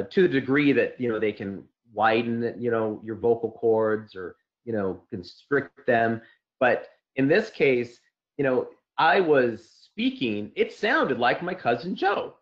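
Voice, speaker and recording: A man telling a long personal account as an interview guest, rambling with many fillers and restarts. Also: medium pitch. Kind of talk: casual spoken account. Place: Santa Clara area. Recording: dull lo-fi audio.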